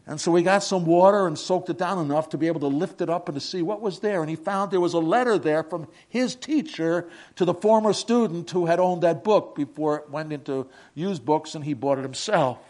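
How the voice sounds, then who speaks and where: Older guy preaching, slightly high voice, goes soft then builds up loud and emphatic. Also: brisk, hardly any pauses. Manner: rises from soft reflective passages to emphatic raised declarations. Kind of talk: sermon.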